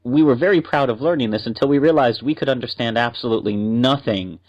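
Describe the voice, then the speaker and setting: A man's voice: mid-range voice, quick pace, darkish tone. A male podcast co-host with a mid-range voice who chats and explains at length. The audio sounds slightly muffled. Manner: chatty and explanatory. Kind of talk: casual podcast chat.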